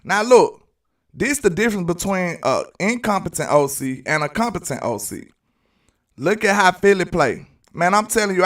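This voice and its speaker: This high-pitched man with lively intonation speaks at normal speed with a fairly bright tone, picked up by a distant mic. He's a sports channel host from Alabama with a Southern US accent, arguing emphatically on live commentary and repeating his points.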